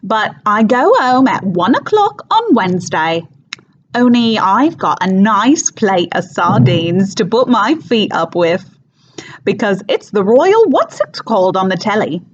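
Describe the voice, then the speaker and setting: A woman's voice: big pitch swings, measured pace, muffled recording, a little hiss or hum. A woman doing a flustered Cockney housekeeper. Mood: flustered chatter. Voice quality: thick, overdone, silly accent. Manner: chatty, flustered, high-pitched and loud. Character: fussy comic Cockney housekeeper woman, middle-aged. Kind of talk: stage comedy monologue.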